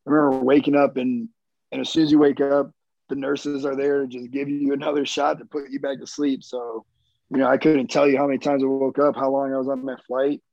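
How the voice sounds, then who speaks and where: A man's voice: medium pitch, flat delivery, fairly quick, vocal fry, a little mellow, dry recording, highs cut off. A young man, a wounded Marine veteran, telling his story in a candid, rambling, profane way as an interview guest.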